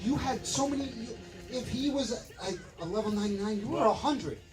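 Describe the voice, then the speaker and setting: A man's voice: very high voice, brisk, echoey room, low-quality recording. A man hosting a casual roast among friends, teasing and laughing often, with music under him. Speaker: roast host.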